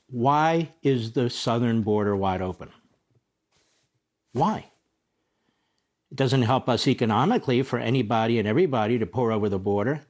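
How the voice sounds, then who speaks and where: A man in his sixties hosting a TV opinion show, delivering an emphatic monologue full of rhetorical questions. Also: mid-range voice. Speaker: TV host.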